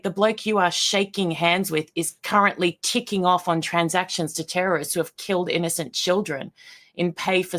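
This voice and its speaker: A woman's voice: lowish voice, fairly bright tone. An Australian woman speaking as an interview guest, blunt and emphatic in her impassioned answers. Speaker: guest, broadcaster.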